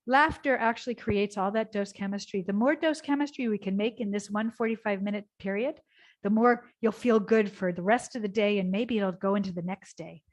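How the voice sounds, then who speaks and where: A woman teaching a gentle yoga class, guiding softly and slowly, then bursting into cheers and laughter exercises. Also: mid-range voice. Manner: soothing and slow, breaking into loud laughter and cheers.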